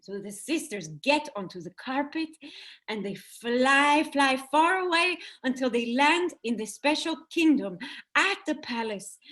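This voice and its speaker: A woman telling a children's story to an audience on a video call, expressive and engaging. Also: high voice.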